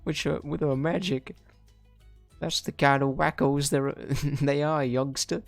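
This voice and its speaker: A man voicing a bitter, distrustful old man in a video game, ranting gruffly and calling the listener youngster. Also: fairly high pitch, fairly even intonation, unhurried, no echo, faint music behind, pitched above the performer's own voice. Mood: grumbling.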